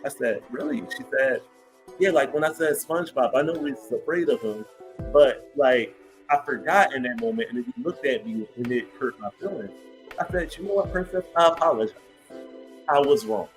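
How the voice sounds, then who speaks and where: A man in his thirties hosting a podcast, talking in a casual chat, telling stories with lots of fillers and quick laughs. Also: medium pitch, faint music behind, low-quality recording. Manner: animated storytelling, laughs easily, many fillers. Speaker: podcast host. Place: home studio with big lights.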